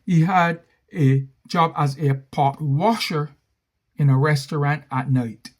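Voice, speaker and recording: A man's voice: on the high side, slow, a little mellow. A man telling a story in a monologue, stressing points and repeating key phrases for effect.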